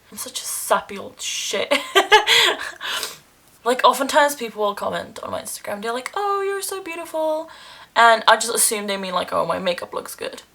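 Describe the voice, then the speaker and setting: Bright-voiced young woman vlogging candidly. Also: fairly high pitch. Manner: candid, rambling and self-deprecating. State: emotional, near tears. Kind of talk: casual vlog monologue.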